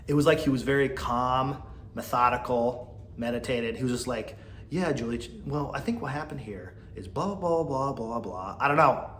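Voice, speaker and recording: A man's voice: medium pitch, a bit bright, reverberant. A man hosting a podcast, giving blunt, exasperated commentary and laughing often. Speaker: podcast host. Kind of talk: casual opinion commentary.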